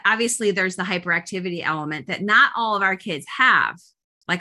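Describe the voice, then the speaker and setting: A woman in her forties leads a parenting group in a loose, chatty way, full of fillers and restarts. Her voice sits a little low, yet it has a bright, forward edge. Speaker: parenting coach leading a group. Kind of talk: casual group coaching talk.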